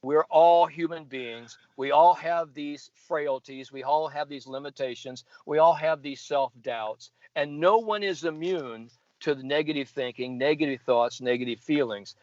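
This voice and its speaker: A man's voice: fairly high pitch, unhurried, few pauses, a little mellow, no echo. An older man, a golf sports psychologist, telling stories in an interview, keen and full of fillers and restarts. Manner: enthusiastic storyteller, many fillers and restarts. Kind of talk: interview storytelling. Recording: dull lo-fi dry recording.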